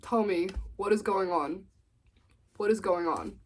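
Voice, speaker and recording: Slow-talking young woman telling a story. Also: medium pitch. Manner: animated storytelling, acts out quotes. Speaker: vlogger. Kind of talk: storytime vlog.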